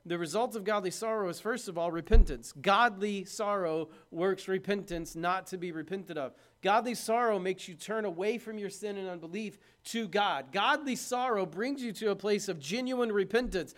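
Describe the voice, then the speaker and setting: This preacher has a high-pitched voice and keeps a moderate pace with hardly any pauses. He talks with the congregation conversationally, asking them questions, and shifts from booming emphasis to quiet, hushed delivery.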